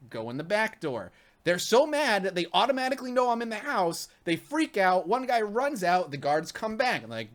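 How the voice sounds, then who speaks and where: A fairly high-voiced man recounting a game mishap in an animated, excitable way. He keeps jumping into the shouting characters' voices as he tells it, like a co-host on a live streamed gaming show. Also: brisk. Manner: excitable, acts out shouting characters mid-story. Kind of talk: casual animated storytelling.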